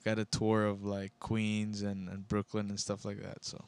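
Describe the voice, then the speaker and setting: A man chatting in a relaxed way, a little halting as he lists things he wants to do. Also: on the low side, clear, resonant tone. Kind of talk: casual podcast chat.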